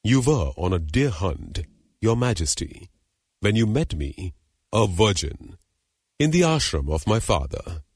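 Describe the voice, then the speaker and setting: A man reading the part of a proud, wronged young woman, a hermit's daughter, in an audiobook legend, with measured, formal, dignified delivery. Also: fairly low pitch, sing-song, darkish tone, slightly rough, no room sound, studio quality, exaggerated voice. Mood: pleading.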